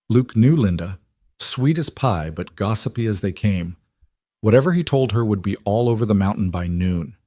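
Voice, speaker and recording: A man narrating a scripted story in an even, measured way. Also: lowish voice, no room sound, studio quality.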